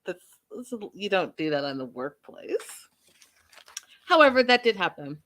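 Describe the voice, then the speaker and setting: A woman's voice: fairly low pitch, big pitch swings, measured pace, a bit bright. Chatty woman hosting a show recap. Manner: chatty storyteller, acts out quotes, opinionated asides. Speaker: host reviewing a reality show. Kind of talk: casual recap and commentary.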